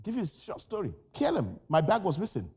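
Animated preaching man, high and lively. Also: fast talker, breathy edge. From Nigeria. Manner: shouts and repeats phrases with rising intensity; tells personal stories in a lively, animated way. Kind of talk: sermon.

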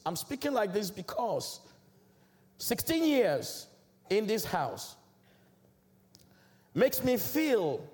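High, lively-voiced preaching man. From Africa. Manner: emphatic, declamatory preaching with big swells in pitch. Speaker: church elder preaching. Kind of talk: sermon. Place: large church.

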